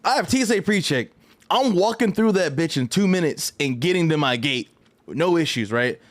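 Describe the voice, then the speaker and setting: A man telling a story in a casual vlog, animated and profane, full of slang and rambling asides. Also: fairly high pitch, moderate pace. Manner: loose, rambling delivery with frequent "right?". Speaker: fighting game vlogger.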